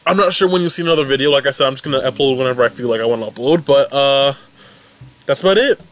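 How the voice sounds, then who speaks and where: Rambling, excitable young man recapping. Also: medium pitch, rapid-fire. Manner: rambling, excitable, lots of swearing and restarts. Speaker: fan recap vlogger. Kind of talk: casual recap commentary.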